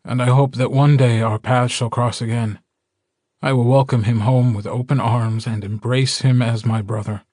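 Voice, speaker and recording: Man voicing a calm, gentle werewolf alpha. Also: medium pitch, no room sound, clean studio sound, lightly acted. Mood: solemn. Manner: measured, gentle and teasing. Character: calm, kindly male werewolf alpha, older brother. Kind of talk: audiobook character dialogue.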